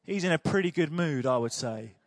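Preacher bloke, high voice, jokey storytelling, dry sound. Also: male voice, expressive, fairly quick, no echo. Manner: chatty, humorous storytelling. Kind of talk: sermon.

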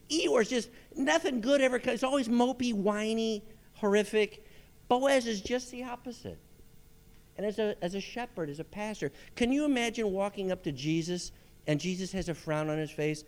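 A man preaching a sermon as pastor, animated and acting out voices from the story. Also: extremely high pitch, moderate pace, big-room sound.

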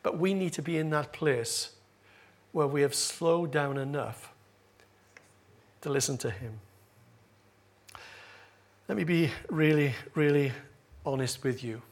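A man's voice: on the high side, takes it slowly, pauses often. A male pastor preaching a sermon to his congregation, with a humorous, self-deprecating manner. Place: church with congregation. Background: congregation laughing.

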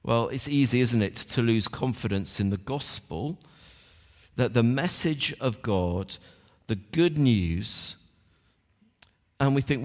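A man's voice: medium pitch, animated, slow. A man preaching a morning sermon, talking in a plain, conversational way and speaking directly to his congregation. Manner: conversational, talks straight to the congregation. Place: church. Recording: long church reverb.

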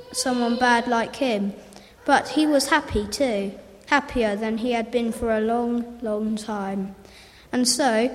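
A woman reading a children's story aloud in a lively, repeating storybook manner. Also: a little high, slight background noise. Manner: lively, repetitive storybook phrasing. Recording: roomy hall reverb.

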